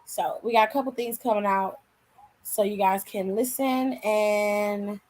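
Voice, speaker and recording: A woman's voice: medium pitch, steady tone, a little slow, darkish tone, rough recording. Tired, chatty woman live-streaming. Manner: chatty, slangy, addresses viewers as y'all. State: tired, yawning. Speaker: wrestling channel host. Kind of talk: casual live-stream chat.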